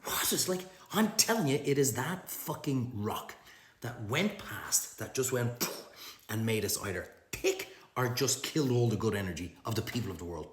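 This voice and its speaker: A middle-aged Irish man delivering a profane comic rant to camera, ranting in an animated, swearing way. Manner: profane, animated ranting with big pitch swings. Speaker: social media comedian. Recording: roomy echo.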